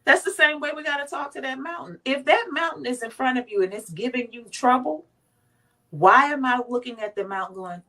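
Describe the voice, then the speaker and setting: A woman's voice: high-pitched, brisk. A woman from Washington, D.C., a guest on a faith talk show, speaking emphatically and acting out quotes. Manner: emphatic, animated storytelling with acted quotes.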